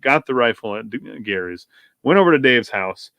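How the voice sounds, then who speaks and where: Rambling pastor telling a story. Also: male voice, mid-range voice, expressive, moderate pace, no echo, lo-fi sound. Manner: rambling, self-correcting, with tangents. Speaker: pastor, podcast guest. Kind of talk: casual storytelling chat.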